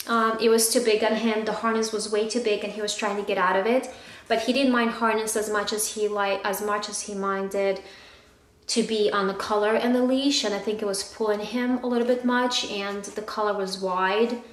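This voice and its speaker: A fairly high-voiced woman walks through crate training step by step in a relaxed, chatty how-to way. She talks at home in a roomy space that echoes, with a faint hiss of noise underneath. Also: normal speed. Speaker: vlogger, new puppy owner. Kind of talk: casual how-to explanation. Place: at home with a puppy.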